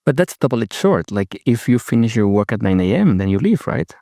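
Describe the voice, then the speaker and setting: A man's voice: mid-range voice, big pitch swings, brisk, vocal fry, warm tone, no room sound, clean studio sound. A man co-hosting a podcast, chiming in with short reactions in casual chat. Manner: brief reactions and interjections. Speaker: podcast co-host.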